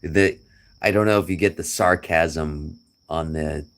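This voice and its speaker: A man's voice: very deep voice, unhurried, fairly bright tone. A middle-aged man chatting casually to a friend, rambling and joking with chuckles. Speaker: vlogger.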